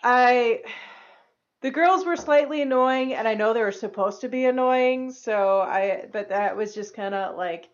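A woman co-hosting a casual movie review podcast, chatty and filling her sentences with "like". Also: on the high side. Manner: chatty, fills every pause with "like". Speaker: podcast co-host. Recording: dull lo-fi recording.

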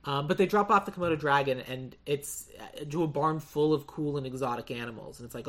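A woman hosting a podcast, retelling a movie's plot in a casual, chatty way with quick asides and laughs. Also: low-pitched, fairly bright tone. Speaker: podcast host. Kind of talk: casual movie recap chat.

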